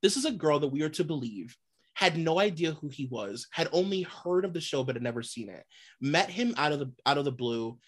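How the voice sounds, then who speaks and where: A woman's voice: deep voice, brisk, slightly rough. A woman co-hosting a podcast in casual chat, ranting bluntly with lots of swearing. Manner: blunt, sweary, animated rants with laughs. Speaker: podcast co-host.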